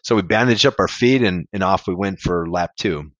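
A man with a low voice tells his story in a loose, candid way. He rambles a little and swears casually. The sound is dry and close. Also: normal speed, fairly bright tone, no room sound. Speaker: podcast guest, amateur ultrarunner.

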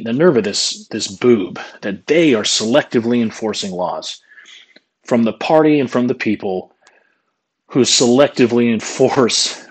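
A man's voice: medium pitch, slightly rough, low-quality recording. A man giving a political opinion monologue, scornful and mocking as he rants. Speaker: political commentator.

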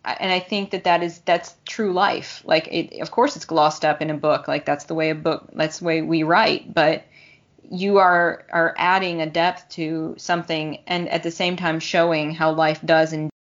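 A woman podcast host chatting casually, warm and rambling, often restarting her sentences. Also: low-pitched, fairly even intonation, normal speed, dull audio. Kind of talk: casual chat.

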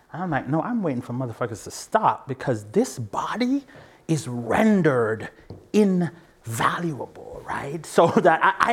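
Here a man with a mid-range voice reflects aloud in a public talk, earnest and lively. He often laughs and checks that his listeners are with him, now and then lowering to a near-whisper to drive a point home.

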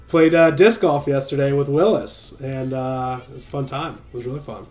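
A man's voice: medium pitch, normal speed, hardly any pauses, darkish tone, faint music behind. A man hosting a livestream and preaching casually, loose and joking, with frequent "right?" tags. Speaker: livestream host.

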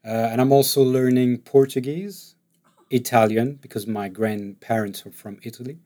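In a casual interview, a male actor whose first language is French talks at a normal speed in a medium-pitched voice. His manner is relaxed, full of laughter, fillers and restarts.

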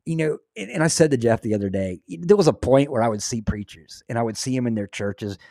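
A man hosts a casual religious talk show, preaching with earnest, excitable energy. His voice sits at an ordinary middle pitch, recorded close and dry with no room around it. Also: a little fast, gravelly, no room sound. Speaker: host.

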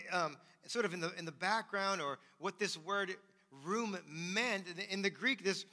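A man's voice: high-pitched, bright, forceful tone. A male pastor preaching a conversational, emphatic sermon, often checking in with "right?". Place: church sanctuary. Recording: long hall reverb.

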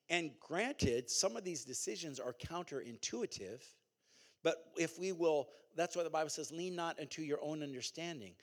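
A man preaching a sermon as pastor, in a conversational, animated way with call-and-response and repeated phrases. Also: a little high, normal speed.

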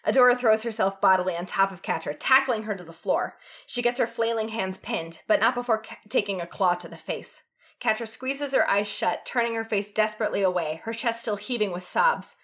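Expressive woman reading a story aloud. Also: medium pitch, a little fast. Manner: expressive, dramatic. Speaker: reader. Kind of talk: reading fan fiction aloud.

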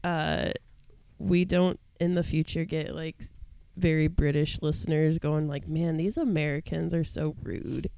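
Woman co-host, low and mellow, slow with some vocal fry, laid-back delivery. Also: fairly even intonation, no echo. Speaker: podcast co-host. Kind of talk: casual chat.

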